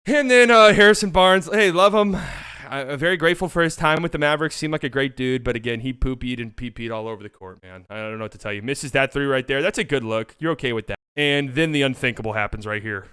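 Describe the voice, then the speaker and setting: A man hosting a sports channel, talking through game footage in a casual, excitable way, swearing and joking freely. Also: mid-range voice, fast talker, clean tone. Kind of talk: casual game-film breakdown commentary.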